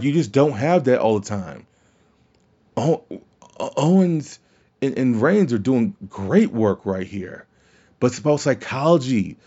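A man's voice: mid-range voice, mellow. Opinionated rambling podcast man, dull audio. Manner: opinionated and rambling, with frequent restarts and profanity. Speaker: wrestling podcast host. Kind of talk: casual opinion podcast talk.

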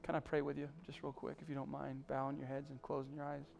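A male pastor preaching a sermon, pleading with the congregation, surging to emphatic peaks and then dropping soft. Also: medium pitch, monotone, fast talker, vocal fry.

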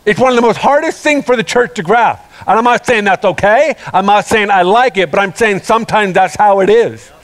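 A man with a high voice preaches to his congregation, spinning a parable into a lively story. He acts out the crowd's voices as he goes. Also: brisk, few pauses. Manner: animated storytelling, acting out voices. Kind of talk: sermon.

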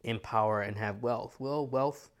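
A man's voice: medium pitch, a little slow. An American man, an astrologer, talking in a reflective, casual conversation full of rhetorical questions. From United States.

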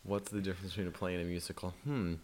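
A man with a very deep voice chats casually on a podcast. He sounds relaxed and a little hesitant, often stumbling and trailing off mid-thought. Faint hiss runs in the background. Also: racing. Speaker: podcast co-host. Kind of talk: casual chat.

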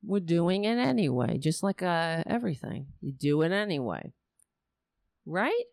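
A woman's voice: lowish voice, big pitch swings, unhurried, gravelly, a little mellow, no echo, clean studio sound. A woman hosting a political livestream from a cheap home microphone, ranting bluntly and swearing as she talks to her chat. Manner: blunt, profane, exasperated. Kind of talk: casual ranting commentary to a live chat. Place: home setup. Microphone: cheap home microphone with headphones.

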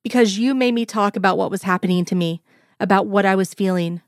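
A gentle middle-aged man in an audio story, talking softly and tenderly to the woman he loves, as a female narrator reads his lines. The pitch sits in a middle range, and the recording is dry and close. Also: fairly quick, no echo, close to an everyday voice. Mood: earnest.

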